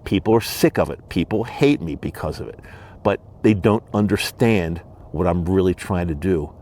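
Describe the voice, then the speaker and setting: A low-voiced man talks alone into his podcast microphone, earnest and emphatic, coming back to his points again and again. A faint hiss of noise sits under his voice. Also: animated, normal speed, mellow. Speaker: podcast host. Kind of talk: solo monologue. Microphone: studio microphone and camera.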